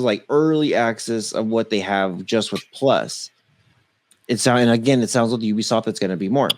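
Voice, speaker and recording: A man co-hosting a casual tech podcast, reading quickly through a long list and tripping over names. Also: medium pitch, darkish tone. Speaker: podcast co-host.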